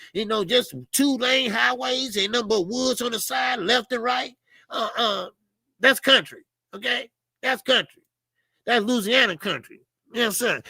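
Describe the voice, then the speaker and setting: A man's voice: very high voice, gravelly, sharp tone, slightly rough, no room sound. A middle-aged man with a Southern US accent hosting a loose, laughing boxing chat and swearing freely. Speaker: boxing show host. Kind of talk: casual live-stream chat.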